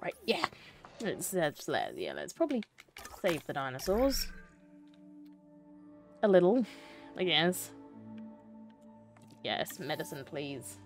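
A woman's voice: sits low, huge pitch swings, slow, pauses often, over music. A young woman streaming a game, chatting to herself and to the characters on screen. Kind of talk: casual gameplay commentary.

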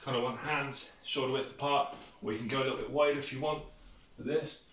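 Slightly fast and a bit bright, this British man's medium-pitched voice keeps a steady tone. He is a fitness instructor coaching a home workout in an easygoing, encouraging way, with loose phrasing and a touch of breathlessness. Recorded on a far camera mic, the home video sounds distant, roomy and noisy.

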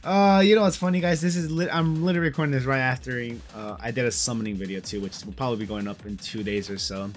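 A man's voice: medium pitch, quick pace, hardly any pauses, soft background music. A young man giving casual, slangy commentary on a mobile game, frustrated and peppering his talk with bro and dude.

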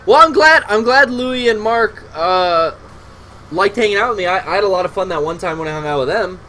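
A man's voice: high voice, animated, brisk, sharp tone, a little hiss or hum, low-quality recording. A man streaming a video game, chatting casually and profanely with a caller and his chat. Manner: loose, profane, talks to chat while playing.

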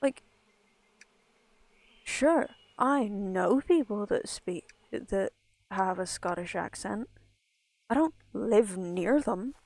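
Slow-talking woman with a gravelly edge. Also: medium pitch, lively intonation, a little mellow, no room sound. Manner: rambling, chatty, many "like" asides. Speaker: streamer. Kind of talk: casual chat while gaming.

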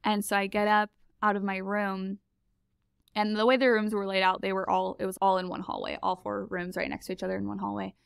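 A woman recounting a story as a podcast guest, chatty and animated, laughing often. Her mid-pitched voice has a strong vocal fry. She sounds close and dry, with no room around her. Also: brisk, no echo. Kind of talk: casual storytelling.

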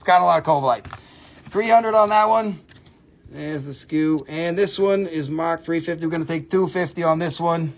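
A man's voice: fairly high pitch, moderate pace. Chatty man rattling off prices. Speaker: host of a live mineral sale stream. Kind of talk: casual live-stream selling. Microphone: phone camera.

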